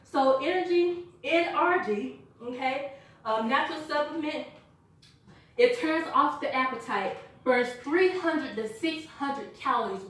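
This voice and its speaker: A woman giving an energetic, chatty sales pitch to a small live group, laughing and quizzing her listeners. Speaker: product presenter. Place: echoey room with a small live audience. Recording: echoey room from far off.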